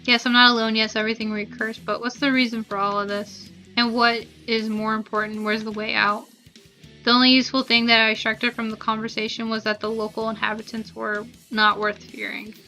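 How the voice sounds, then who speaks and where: A young woman plays through a story game, reading the text and musing casually about its mysteries. Her voice is bright and crisp, and faint game music plays underneath. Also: fairly high pitch, level tone, a little fast, rough recording. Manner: chatty, thinking aloud. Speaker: let's-play gamer.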